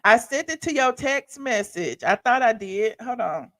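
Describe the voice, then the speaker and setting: A woman's voice: a little high, animated, measured pace, a bit bright. Woman, Southern accent, livestream host, folksy, chatty, explains legal filings. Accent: Southern American. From American South. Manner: folksy, chatty, reads court filings aloud and explains them. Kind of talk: casual commentary on legal news.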